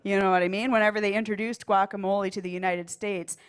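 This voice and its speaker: A woman's voice: medium pitch, steady tone, fast, smooth. A stand-up comedian on a club stage, talking in a rambling, self-deprecating way and laughing at her own jokes. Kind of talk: stand-up set.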